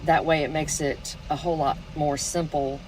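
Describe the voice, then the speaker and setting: A woman in casual chat, telling stories in an unhurried way and laughing often. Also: deep voice, fairly even intonation, background noise. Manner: unhurried storytelling, frequent laughter. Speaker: snare maker.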